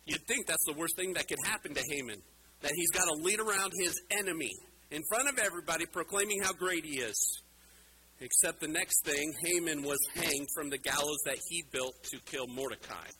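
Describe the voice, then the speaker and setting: Middle-aged male pastor, higher-pitched, preaches emphatically over a noisy room. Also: fairly quick. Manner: emphatic, rhetorical questions, shifts loud and soft. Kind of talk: sermon.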